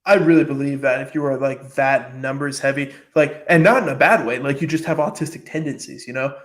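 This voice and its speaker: A man's voice: mid-range voice, fairly quick, a bit bright. A man chatting casually on a podcast, rambling with lots of fillers and frequent swearing. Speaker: podcast host. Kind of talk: casual chat.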